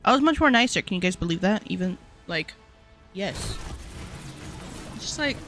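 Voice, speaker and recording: A woman's voice: fairly low pitch, lively intonation, normal speed, a bit bright, faint music behind. A young woman streamer chatting casually, filling her talk with "like" and swearing freely. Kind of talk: casual livestream chat.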